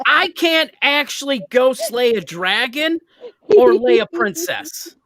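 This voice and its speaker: A man's voice: very high voice, expressive, takes it slowly, over a noisy crowd. A man doing a stand-up set over a video call, self-mocking and nerdy, laughing at his own jokes. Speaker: stand-up comic.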